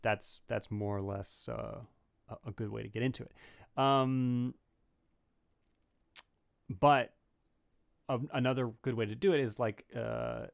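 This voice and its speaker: A man's voice: mid-range voice, fairly even intonation, a little slow, creaky, pauses often. A man answering viewers' questions in a casual livestream banjo lesson, thinking aloud with many fillers and restarts. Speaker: banjo teacher. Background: banjo playing between phrases.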